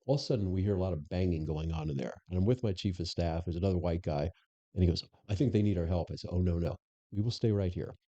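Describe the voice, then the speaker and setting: A man's voice: low-pitched, quick pace, warm tone. A man, a former police chief, candidly recounting experiences in a conversational interview. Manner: candid, anecdotal, frequent restarts. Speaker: former police superintendent, guest. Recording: dull lo-fi podcast audio.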